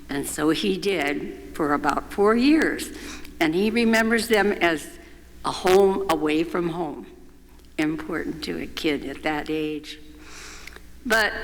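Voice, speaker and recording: An older woman giving a warm, reminiscing eulogy with gentle amusement at a memorial service in a church. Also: lowish voice. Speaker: memorial speaker. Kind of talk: personal eulogy. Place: church sanctuary. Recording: long church reverb.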